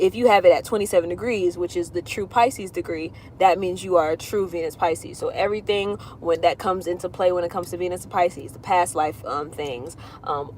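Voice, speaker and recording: Her voice is on the low side and a little mellow, with slight background noise behind it. A woman astrologer doing readings, she chats casually on a livestream and answers viewers in a rambling manner that keeps circling.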